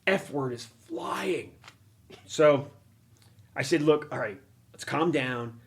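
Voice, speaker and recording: A middle-aged man hosts a casual chat and tells an animated story. He laughs at himself and swears freely. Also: on the high side, slow pace. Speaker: podcast host. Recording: noisy action-camera room recording.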